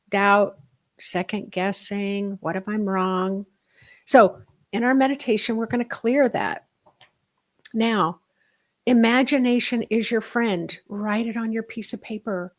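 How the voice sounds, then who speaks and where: A middle-aged woman leading a live online spiritual workshop, talking in an animated, emphatic way that swings between quick bursts and slow, hushed asides. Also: mid-range voice.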